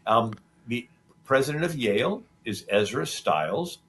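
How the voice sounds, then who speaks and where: An unhurried, medium-pitched male talk show host tells a history story, with a little hiss or hum in the audio. The telling is loose and rambling, heavy on fillers and restarts, and he animatedly acts out the lines of the people involved.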